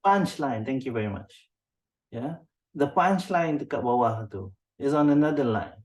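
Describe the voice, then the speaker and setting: Malaysian male writing instructor, animated delivery, interactive classroom style. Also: medium pitch, moderate pace. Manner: code-switching, often checks in with a questioning "yeah?"; calls on students by name.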